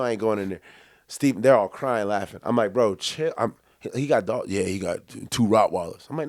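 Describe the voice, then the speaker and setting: A man's voice: mid-range voice, expressive, unhurried, dry recording, clean studio sound. A young man co-hosting a podcast, telling a long story in casual chat, acting out quotes and laughing often. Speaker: podcast co-host.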